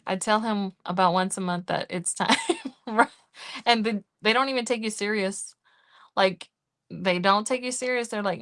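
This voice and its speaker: A middle-aged woman hosting a budgeting livestream from home, chatting casually and counting cash out loud in an easygoing way. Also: medium pitch, measured pace, pauses often. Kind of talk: casual live-stream chat.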